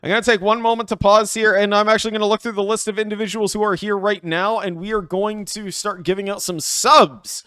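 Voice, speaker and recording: A young man streaming a game live, chatting to his viewers in an excitable, playful way. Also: high-pitched, brisk, hardly any pauses, clear, resonant tone, dry recording. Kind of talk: live game commentary with chat.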